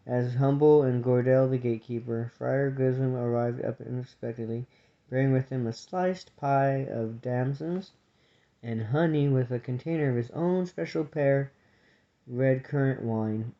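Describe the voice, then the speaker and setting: Male audiobook narrator, mellow tone, steady pace; muffled lo-fi recording. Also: medium pitch. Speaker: audiobook reader. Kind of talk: storybook narration. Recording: dull lo-fi recording.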